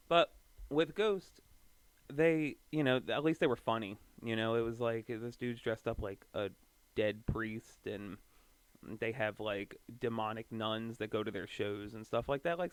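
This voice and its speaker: Profane rambling young man, smooth voice. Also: mid-range voice, no echo. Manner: loose and profane, full of fillers and restarts. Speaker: podcast host. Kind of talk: casual rambling monologue.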